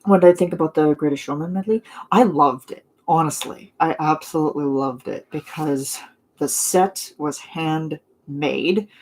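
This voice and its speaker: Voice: medium pitch, unhurried. A non-binary young adult streamer talks casually with viewers in a mid-range voice. They gush, ramble and fill gaps with little laughs and "um"s. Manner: gushing, chatty, rambling with fillers and laughs. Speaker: vlogger chatting with viewers. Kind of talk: casual live chat.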